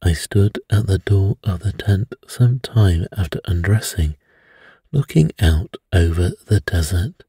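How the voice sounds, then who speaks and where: A man narrating a bedtime story in a slow, hushed storytelling manner. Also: low voice, animated, husky, no echo, clean studio sound.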